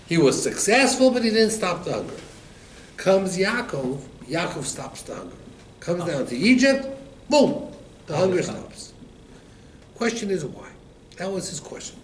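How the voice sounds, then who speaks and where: A man teaching a Torah class, telling stories and acting out the quotes with lively rises in his voice. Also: measured pace. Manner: animated storyteller, acts out quotes with rising pitch. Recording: echoey room, mic at a distance, faint background noise.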